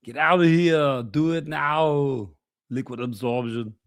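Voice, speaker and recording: A man putting on a gruff action-film hero voice, barking clipped commands. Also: on the high side, slow pace. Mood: commanding.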